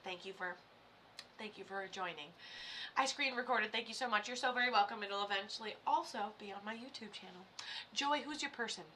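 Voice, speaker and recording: A woman giving live psychic readings on a stream, chatty and excitable, full of fillers and sudden loud bursts. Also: medium pitch, a little fast, slight background noise.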